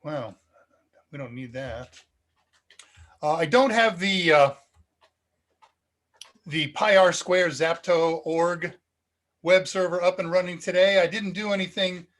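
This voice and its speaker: A man's voice: a little high, fairly bright tone. An American man hosting a live tech Q&A stream, chatting casually and rambling with frequent ums, speaking into a cheap USB microphone. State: slightly dizzy and foggy. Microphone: cheap USB desk microphone.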